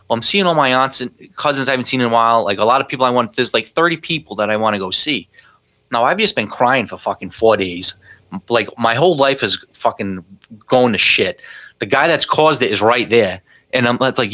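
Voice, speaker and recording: A man's voice: mid-range voice, a little fast, sharp tone. A man talking in a casual podcast conversation, rambling and emphatic, swearing freely as he tells personal stories. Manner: rambling, profane, emphatic storytelling. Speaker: podcast guest.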